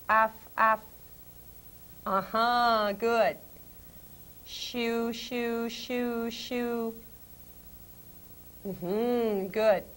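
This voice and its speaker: A woman teacher with a higher voice talks very slowly to a young child. She repeats syllables in a sing-song rhythm and praises often. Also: bright, forceful tone, clear, resonant tone. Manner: slow, sing-song, encouraging. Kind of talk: speech therapy lesson with a child.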